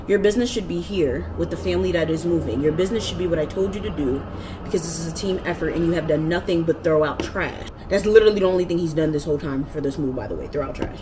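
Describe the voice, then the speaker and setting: A woman's voice: sits low, fast, background noise. Heated, profane woman vlogger. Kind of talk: storytime vlog. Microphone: camera.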